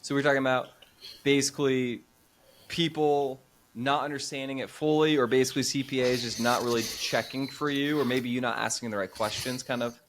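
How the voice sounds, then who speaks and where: A man's voice: medium pitch, fairly even intonation, brisk, slight background noise. A man hosting a podcast who sums up the guest's points in hedged questions. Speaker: podcast host. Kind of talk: casual interview chat.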